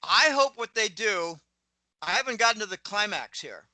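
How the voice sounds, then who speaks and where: A middle-aged man from Pittsburgh with a plain American accent speaks in a fairly high, very bright, cutting voice. The sound is dry and close, with no room around it. He rambles as an opinionated guest, drifting into asides and clearing his throat often. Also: animated, moderate pace, no room sound, poor audio. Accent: General American, lost his Pittsburgh accent. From Pittsburgh, USA. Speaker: guest commentator. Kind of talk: casual interview monologue.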